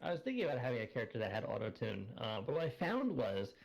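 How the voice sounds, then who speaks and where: A man's voice: medium pitch, huge pitch swings, quick pace, vocal fry, lo-fi sound. A man in casual voice-chat talk, his voice run through an auto-tune changer, rambling with lots of fillers as he looks things up. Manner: rambling, searches aloud, many fillers.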